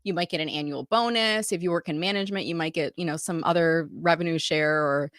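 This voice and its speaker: A woman's voice: low voice, a little fast, fairly bright tone, dry recording, studio quality. A middle-aged woman from the United States, a marketing business owner, telling her career story in a live online talk and acting out the dialogue she quotes.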